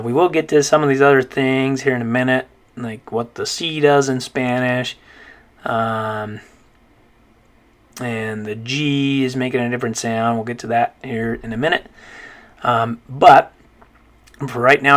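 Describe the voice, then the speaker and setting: A man giving a recorded pronunciation lesson in a patient, mid-pitched voice. He stretches out each practice word and repeats it, checking in often with "okay?". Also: steady tone, normal speed, a bit bright. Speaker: Spanish teacher.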